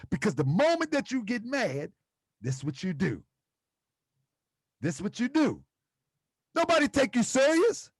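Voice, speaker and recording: A man's voice: very high voice, no room sound, studio quality. A man hosting a livestream, lecturing his chat in a preachy way with repeated rhetorical questions. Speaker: host.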